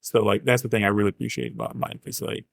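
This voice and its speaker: A man's voice: lowish voice, level tone, fast talker, vocal fry, fairly bright tone, breathy edge, no echo. Reflective man, dry close sound. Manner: reflective, filler-heavy with many "like"s, lifts his voice for quoted thoughts. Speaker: comedian and writer, podcast guest. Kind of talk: casual chat.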